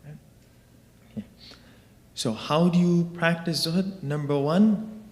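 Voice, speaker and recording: A man's voice: a little high, slow, pauses often, darkish tone. A man giving a religious class in a conversational way, explaining with everyday examples and often asking "right?" to check in with listeners. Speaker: religious teacher. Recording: long reverb of a large hall.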